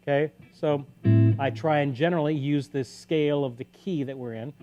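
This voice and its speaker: A man runs a relaxed live-stream guitar lesson, chatting in a loose, conversational way and counting off beats as he plays. His voice sits a touch higher than most men's, and quiet guitar is heard behind him. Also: moderate pace. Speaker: guitar teacher and livestream host. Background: guitar playing.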